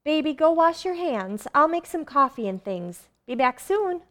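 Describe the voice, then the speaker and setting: A sweet, high young wife. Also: female voice, sing-song, normal speed, fairly bright tone. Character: cheerful, kindly young wife and mother. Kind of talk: 1940s radio acting.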